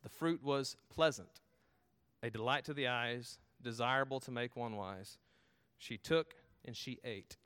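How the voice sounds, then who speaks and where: A man's voice: mid-range voice, measured pace, fairly bright tone, smooth. A middle-aged man preaching an expository sermon, emphatic, with rhetorical questions and shifting pace.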